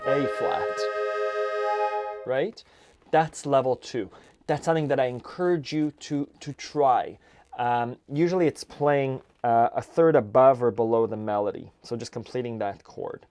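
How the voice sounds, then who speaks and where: A man teaching an accordion lesson, explaining chords and counting beats in a relaxed way. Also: mid-range voice, a little slow. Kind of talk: music lesson. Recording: accordion music loud in background. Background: accordion playing.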